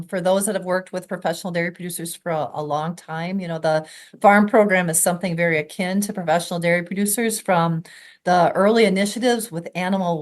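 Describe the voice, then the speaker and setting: Upbeat woman moderator, lowish voice. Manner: upbeat, joking. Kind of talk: panel moderation.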